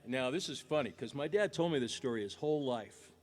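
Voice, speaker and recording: A man's voice: medium pitch, animated, brisk, soft background music. A middle-aged man, a singer-songwriter, telling a folksy family story between songs at a concert, chuckling now and then.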